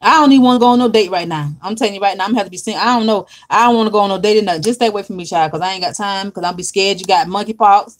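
A woman chatting casually on a livestream, animated and dramatic, laughing often and calling viewers honey and child. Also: mid-range voice, rapid-fire, hardly any pauses. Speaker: livestream host reading viewer comments.

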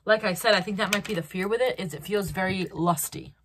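A woman giving a solo tarot card reading, talking in an animated way with restarts and acted-out reactions. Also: mid-range voice, fast, a little hiss or hum. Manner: animated, acts out quoted reactions, hesitant restarts. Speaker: tarot reader.

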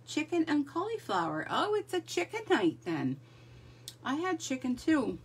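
A woman's voice: sits high, huge pitch swings, measured pace, far from the mic. A middle-aged woman hosting a live crafting stream, chatting casually and greeting viewers by name. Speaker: livestream crafting host.

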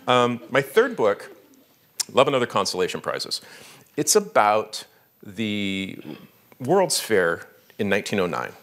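A man's voice: fairly low pitch, very animated, a little slow, long pauses, a bit bright. A man, an author, giving a conversational talk at a library, telling stories animatedly with fillers.

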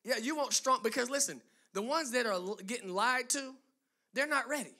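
High, bright-voiced emphatic preacher man. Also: normal speed. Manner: emphatic preaching with rising, driving lists; conversational asides to the congregation. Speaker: pastor. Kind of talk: sermon.

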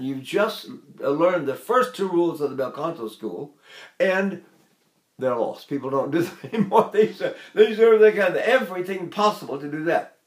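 An older man from Texas teaches singing technique in a lively, chatty way, slipping in asides and little chuckles. His speaking voice sits fairly high for a man. The room around him rings with a noticeable echo. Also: normal speed. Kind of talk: vocal technique lesson with spoken demonstrations. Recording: roomy echo.

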